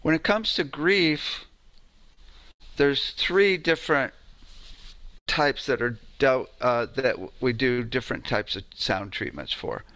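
A man's voice: mid-range voice, takes it slowly, bright, forceful tone, no room sound. A man giving an informal lecture on sound healing, telling stories in a conversational way and often asking "right?".

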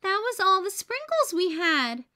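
A woman's voice: very high-pitched, very animated, drawn-out words, bright, forceful tone, pitched above the performer's own voice, heavily acted. A woman voicing a fussy young girl in a read-aloud story, speaking in emphatic exclamations. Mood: upset.

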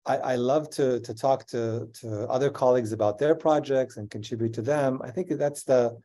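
A male scientist in a conversational interview, telling an animated story and laughing often. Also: medium pitch, moderate pace. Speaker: scientist guest.

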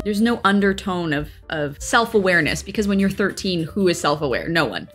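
A young adult woman, an actor, casually talking through a reaction to her old show in a rambling way and often correcting herself. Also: mid-range voice. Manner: rambling, chatty, with frequent self-corrections.

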